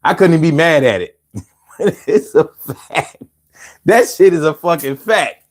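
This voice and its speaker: A man's voice: on the high side, very animated, a little slow. A middle-aged man hosting a casual live stream, reading viewer comments aloud and answering in a profane, rambling way with stammered restarts.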